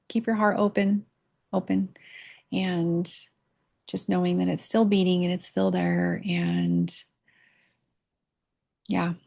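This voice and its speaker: A middle-aged woman speaking candidly in an unscripted personal vlog, halting often with pauses and fillers. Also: lowish voice, level tone, creaky, a little mellow. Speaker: vlogger sharing a personal reflection. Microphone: camera mic.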